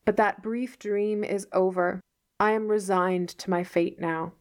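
A woman's voice: mid-range voice, steady tone, measured pace, natural voice. A woman reading aloud as a dramatic, imaginative orphan girl, with a theatrical, pleading manner. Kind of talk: read-aloud novel dialogue.

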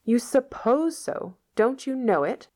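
A woman's voice: fairly high pitch, expressive, slow pace, darkish tone, pitched above the performer's own voice. A woman reading as a stern, curt middle-aged woman. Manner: curt, reproachful.

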